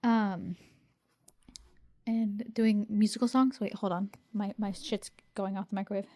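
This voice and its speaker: A young woman recording a casual video diary at home, hoarse and out of breath, rambling in a tired voice and swearing often. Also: medium pitch, fairly even intonation, moderate pace, warm tone. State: hoarse from singing; out of breath from pacing. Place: home kitchen, microwave running.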